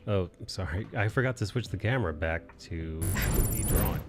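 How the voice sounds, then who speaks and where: Low-voiced man, rambling stream host. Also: moderate pace, music in the background. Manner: rambling, laughs often. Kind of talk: casual chat.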